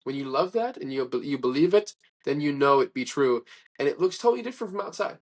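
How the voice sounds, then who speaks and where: A man's voice: a little high, quick pace. A man being interviewed, telling stories in a casual, rambling way with many restarts and quoted dialogue. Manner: rambling, animated anecdotes with restarts and acted-out quotes. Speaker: interview guest. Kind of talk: casual conversational storytelling.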